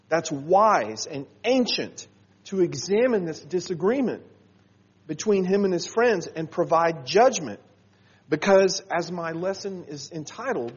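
A man preaching a sermon with a husky, somewhat high voice. He talks in an earnest, halting way and often restarts his sentences. The recording sounds dull and lo-fi. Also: lively intonation. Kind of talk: sermon to a congregation.

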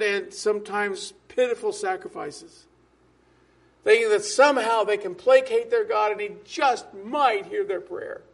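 A man preaching a sermon as a pastor, emphatic, with drops to soft asides. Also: sits high, a little slow, gravelly.

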